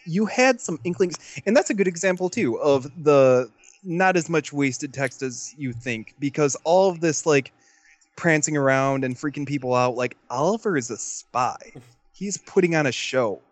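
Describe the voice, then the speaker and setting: A man leading a relaxed talk about a game, recapping events in an easygoing way. His voice sounds dry and close to the mic, with no room echo. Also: a little high, moderate pace. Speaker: podcast co-host. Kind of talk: casual chat about a video game.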